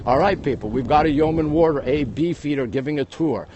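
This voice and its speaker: A man with a New York accent, hosting a live walking tour on his phone, talking quickly and greeting viewers all the time. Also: on the high side, a little mellow, highs cut off. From United States. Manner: rapid-fire, greeting viewers constantly. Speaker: livestream host. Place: outdoors at a busy historic site. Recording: faint outdoor city noise.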